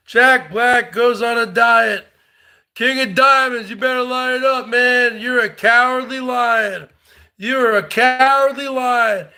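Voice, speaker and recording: Guy putting on a high bright mocking loudmouth voice, slow, keeps yelling the same taunts. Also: exaggerated voice. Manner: taunting, repetitive, shouty bursts. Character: brash taunting loudmouth man mocking a rival. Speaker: parody comedian. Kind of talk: comedic impression rant.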